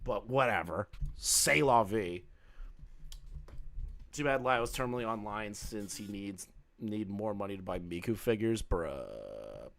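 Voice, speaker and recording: A man's voice: on the low side, expressive, unhurried, creaky, a bit bright. A man giving sarcastic, swearing commentary on a played call recording, often laughing. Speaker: commentary youtuber.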